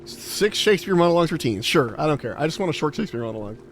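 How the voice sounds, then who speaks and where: A man's voice: fairly high pitch, very animated, racing, slight background noise. A young man streaming a game, chatting casually and rambling through explanations with lots of "like". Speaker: livestreamer. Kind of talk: casual chat while gaming.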